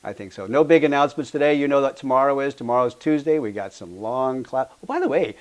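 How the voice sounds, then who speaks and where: A man teaching tai chi, talking casually and warmly to his class, with easy laughs. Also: mid-range voice, lively intonation, fast talker. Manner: gentle, heartfelt, laughs easily. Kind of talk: casual talk and storytelling to a class.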